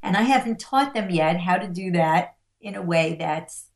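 A middle-aged woman who coaches on parenting and stress, telling stories slowly and emphatically and acting out the voices of the people in them. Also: lowish voice, expressive, roomy sound. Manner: slow, emphatic, acts out the voices in her stories. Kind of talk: interview storytelling.

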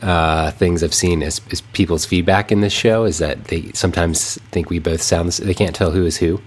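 A man co-hosting a podcast in casual chat, a little congested from a lingering cold, relaxed and rambling with frequent laughs. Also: deep voice, normal speed, breathy edge. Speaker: podcast co-host.

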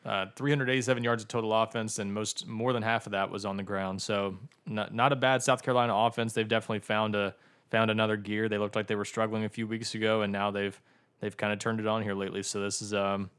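A man's voice: fairly low pitch, little pitch movement, fast, a bit bright, clear, resonant tone. A man on a sports podcast who talks steadily and cites statistics. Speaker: podcast co-host. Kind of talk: casual sports podcast chat.

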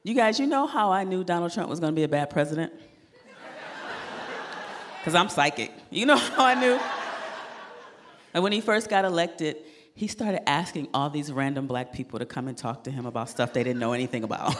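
A woman comedian performing a stand-up set, animated and laughing at her own jokes, on a club stage mic. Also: fairly low pitch, in a large hall.

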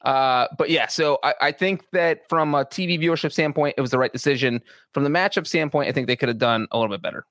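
A man's voice: on the high side, fast talker, fairly bright tone, dry recording. Chatty man, dry close sound. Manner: chatty, analytical, with fillers. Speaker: football writer and podcast regular. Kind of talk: casual podcast sports talk.

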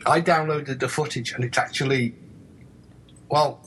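A man's voice: mid-range voice, steady tone, normal speed, fairly bright tone, breathy edge. A man hosting a podcast in casual banter, playful and teasing with his co-hosts. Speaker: podcast host.

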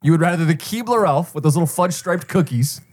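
A man's voice: on the high side, lively intonation, quick pace, darkish tone. A man co-hosting a sports betting podcast who teases his partner, laughs often and walks through his picks step by step. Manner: teasing, laughs often, lays out picks methodically. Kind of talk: casual sports betting banter.

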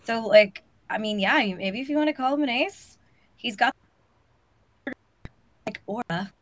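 A woman's voice: on the high side, a little slow, dry recording. A woman co-hosting a casual sports podcast, playful and chatty, still recovering from losing her voice. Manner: chatty, playful, filler-heavy. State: recovering from a lost voice. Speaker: podcast co-host.

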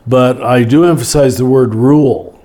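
An older man, a Catholic teacher and author, explaining ideas slowly and reflectively, often restarting and listing words. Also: medium pitch, warm tone. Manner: slow, reflective, with frequent restarts and lists. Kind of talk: relaxed spoken teaching in conversation.

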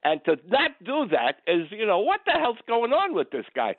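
A man's voice: high-pitched, wildly swooping pitch, moderate pace, no echo. An older man calling in to a radio talk show over the phone, blunt, rambling and indignant. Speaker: caller. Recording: tinny phone line.

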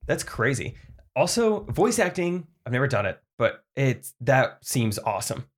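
A man's voice: medium pitch, sing-song, a little slow. Dry-witted young male co-host. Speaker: podcast co-host. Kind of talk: casual chat.

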